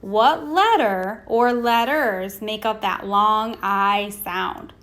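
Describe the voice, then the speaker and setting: A woman teaching a recorded phonics lesson to young children, sounding out words slowly and patiently, asking questions and waiting for answers. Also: mid-range voice, fairly bright tone. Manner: slow, sounding out words letter by letter.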